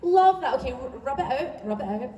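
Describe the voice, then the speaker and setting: A woman's voice: sits high, lively intonation, brisk, muffled recording. A woman from the UK with a Scottish accent, moderating a live convention panel in a chatty, self-deprecating way, recorded from the audience on a phone. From United Kingdom. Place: large convention hall. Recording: echoey hall, far off, crowd noise.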